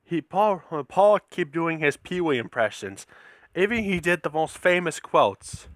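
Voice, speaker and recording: A man tells a made-up story in a casual, rambling way, often restarting and repeating words. His voice swings widely in pitch and he takes his time. The sound is bright and very dry, with no room around it. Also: lively intonation, measured pace, no echo. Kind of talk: casual spoken fan-fiction story.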